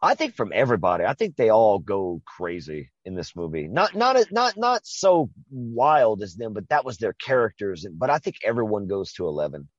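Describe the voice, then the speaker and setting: A man's voice: fairly low pitch, moderate pace, hardly any pauses, dry recording, dull audio. A man co-hosting a podcast, casually retelling a movie with lots of swearing and rambling asides. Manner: profane, rambling, animated retelling. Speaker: podcast co-host. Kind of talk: casual movie-review chat.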